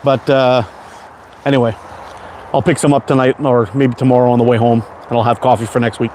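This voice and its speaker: A man's voice: mid-range voice, little pitch movement, fairly quick, a little mellow, slight background noise. A Canadian man in his forties hosting a casual livestream, rambling and chatting as he answers viewer comments. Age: 40s. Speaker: livestream host.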